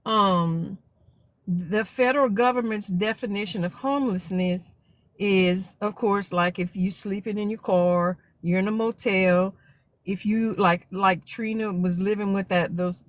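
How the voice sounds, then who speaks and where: Calm South Louisiana woman explaining. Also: mid-range voice, a little slow, no room sound. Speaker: caller, school teacher. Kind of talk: explanatory call-in.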